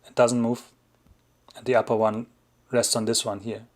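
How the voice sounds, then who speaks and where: A man with a German accent, not a native English speaker, chats casually on a livestream at normal speed in a medium-pitched voice. He takes viewer questions in a relaxed manner, often chuckling and restating things.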